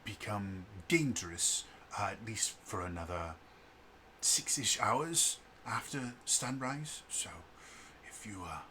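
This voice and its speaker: Guy doing a calm formal leader, low and even, kinda quiet. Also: slight background noise, exaggerated voice. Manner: measured, formal.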